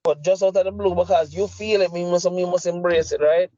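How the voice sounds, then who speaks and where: A man's voice: high voice, fairly even intonation, brisk, dark tone, dry recording. A middle-aged man with a Jamaican accent, a podcast co-host delivering a heated, profane, emphatic rant. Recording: dry, slightly muffled lo-fi audio.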